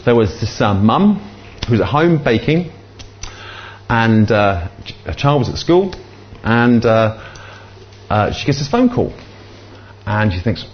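An older man preaching, halting and full of fillers, in a mid-pitched voice. The recording is a bit dull, with a faint room hum underneath. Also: sing-song. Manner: halting, many fillers and restarts. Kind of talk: sermon with storytelling.

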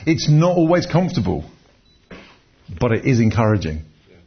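A man with a medium-pitched, very animated voice and a breathy edge preaches a conversational sermon at normal speed. He tells personal stories, often restarting and repeating words, and the recording is dull and lo-fi.

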